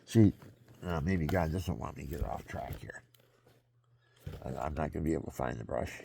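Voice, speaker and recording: A man's voice: a bass voice, lively intonation, normal speed, creaky, warm tone, slight background noise. An older man talking to camera in a rambling, digressive casual monologue, stretching and catching his breath as he goes. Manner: digressive, drifting between topics. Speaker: vlogger.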